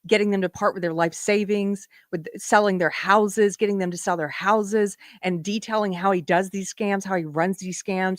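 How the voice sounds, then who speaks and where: A woman's voice: mid-range voice, fairly bright tone, no echo. Sarcastic lady host reacting to clips, talks straight into a dry mic. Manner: emphatic, incredulous, sarcastic. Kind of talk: reaction commentary on a livestream.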